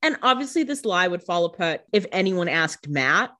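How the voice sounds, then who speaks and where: Woman, podcast co-host, casual chat, lively swooping pitch, excitable, lots of "like" and "you know". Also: normal speed.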